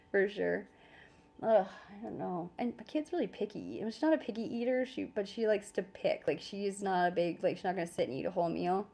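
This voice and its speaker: A woman's voice: mid-range voice, moderate pace, creaky, warm tone. A woman with a Canadian accent chatting casually with viewers on a live stream from home, laughing often and swearing now and then, speaking into a phone. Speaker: livestream host.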